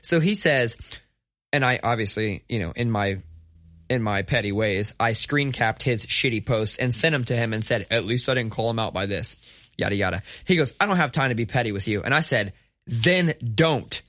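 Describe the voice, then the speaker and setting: A man telling a story to a friend on a podcast, swearing freely and building into mock outrage. His voice is bright and forceful. The recording is dry and close. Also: on the low side, normal speed, no room sound. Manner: animated, swears a lot, rants with mock outrage. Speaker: podcast co-host. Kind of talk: casual profane storytelling.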